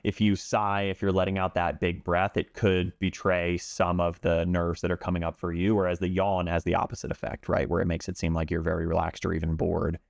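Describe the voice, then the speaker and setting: A man working as a pool instructor, explaining calmly and in measured terms during an interview. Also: deep voice, gravelly, no echo, studio quality. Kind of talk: interview talk.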